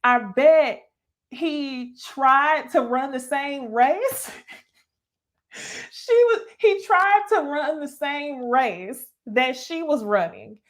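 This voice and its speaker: A young woman talks through a reality dating show as if chatting with friends. She sits a touch above the usual pitch, laughs easily and is blunt and profane. She keeps tossing "okay?" and "y'all" at her viewers. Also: lively intonation, drawn-out words. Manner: addresses viewers directly as "y'all". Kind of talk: casual reaction commentary.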